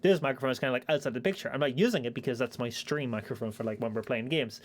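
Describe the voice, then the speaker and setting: Talking rapid-fire in a medium-pitched voice, a young streamer rambles casually, cursing here and there and leaning on fillers. He's at his home desk using a shotgun microphone.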